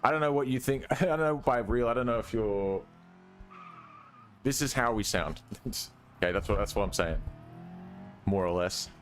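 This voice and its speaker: A man's voice: medium pitch, moderate pace, long pauses, fairly bright tone, a little hiss or hum. A young man from Western Australia with a working-class Australian accent, chatting casually and rambling while streaming a driving game. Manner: rambling, hesitant, trails off with "I don't know". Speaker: gaming streamer. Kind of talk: casual gameplay chat.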